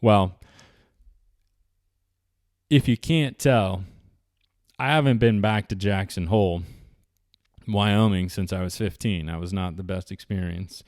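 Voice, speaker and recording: Man, fairly low voice, chatty and rambling, casual vlog. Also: takes it slowly, pauses often, darkish tone, no echo, studio quality. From Southeastern United States. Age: 40s. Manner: rambling, chatty, with many restarts and fillers. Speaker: vlogger. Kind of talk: casual storytelling.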